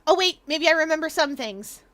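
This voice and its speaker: A woman's voice: high voice, animated, brisk, bright, forceful tone. A woman streaming a game, chatting casually while eating, with many ums and restarts. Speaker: VTuber streamer. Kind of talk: casual gaming stream chat.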